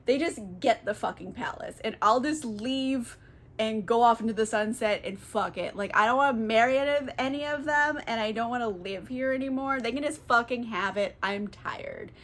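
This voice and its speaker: A woman's voice: on the high side, moderate pace, fairly bright tone, close to an everyday voice. A woman voicing a tired, exasperated queen in a comic retelling, speaking with casual profanity. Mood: fed up. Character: weary, fed-up queen, middle-aged woman.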